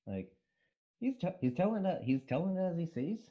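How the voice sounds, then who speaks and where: A man's voice: fairly high pitch, very animated, mellow, voice pushed up. A man putting on a brash swearing woman with a bad Scottish accent. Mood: defiant. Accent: clumsy put-on Scottish. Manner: swearing, blunt, halting. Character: reckless crude young woman, swears freely.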